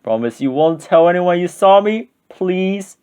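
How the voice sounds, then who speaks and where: A man voicing a jolly old Santa Claus in a storybook reading, drawing his words out slowly. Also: high-pitched, expressive, warm tone, clear, resonant tone, voice pushed up. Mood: merry. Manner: slow, drawn-out exclaiming.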